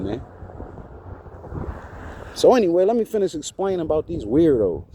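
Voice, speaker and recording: Man, indignant street-preacher rant to phone camera, high and lively pitch, faint traffic behind. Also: normal speed, pauses often. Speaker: vlogger. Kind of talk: ranting monologue to camera. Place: outdoors outside a church.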